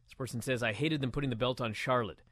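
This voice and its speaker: A man co-hosting a casual wrestling talk show, reading listener comments aloud in an animated, mock-outraged way. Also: mid-range voice, fast, dry recording.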